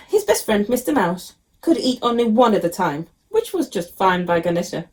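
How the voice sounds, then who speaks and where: A woman teacher reading a picture book aloud to children, expressive and with frequent ums. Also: mid-range voice, moderate pace.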